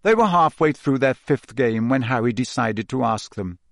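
A man narrating an audiobook in a steady, measured reading voice. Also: mid-range voice, gravelly, no echo, clean studio sound. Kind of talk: scripted narration.

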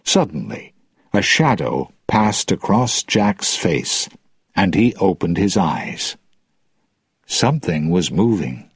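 Slow expressive male storyteller. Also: sits low, husky, no room sound, clean studio sound. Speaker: narrator. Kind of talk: storybook reading.

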